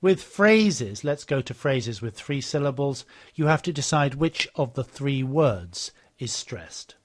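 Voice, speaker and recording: Man, mid-pitched voice, calm explanatory software demo narration. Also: slow. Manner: explanatory, steady, repeats model phrases after the clips. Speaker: software demonstrator.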